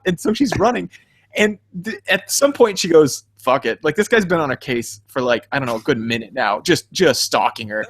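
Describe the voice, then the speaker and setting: A man's voice: a little high, animated, brisk, fairly bright tone, dry recording. A man co-hosting a podcast in casual chat, telling stories with lots of laughter and acting out his own reactions. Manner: laughs often mid-sentence. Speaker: podcast co-host.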